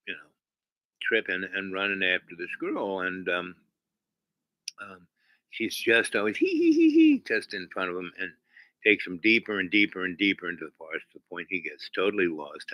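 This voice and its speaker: A man with a low, very bright and sharp voice, recorded dry and close. He rambles through a casual story on his own channel. He halts often and restarts his sentences, full of ums. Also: fairly even intonation, no echo, low-quality recording. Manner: halting, many fillers and restarts. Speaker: channel host.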